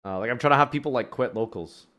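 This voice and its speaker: Young british guy streaming, chatty and sarcastic, swears a lot, middle pitch. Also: quick pace, pushed and bright. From United Kingdom. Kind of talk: casual chat with chat while playing.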